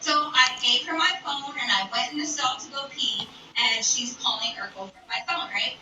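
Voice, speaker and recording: A young woman telling a story casually as a streamer, animated, chatty and full of swearing. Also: sits high, normal speed, hardly any pauses. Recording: echoey room, far from mic, background noise. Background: video playing in the background.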